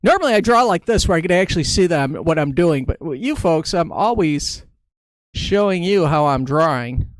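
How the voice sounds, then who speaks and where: In a live-stream tutorial, a man with a fairly high, animated voice casually explains how to draw a face on a balloon. He chats at a normal speed and narrates each step as he draws, in a dry recording.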